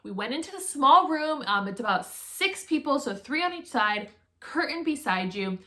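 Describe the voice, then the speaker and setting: Brief: young woman vlogger, high bright voice, chatty and animated storytelling. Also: normal speed. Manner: chatty and animated, acts out her own nervous reactions. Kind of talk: casual storytelling to camera.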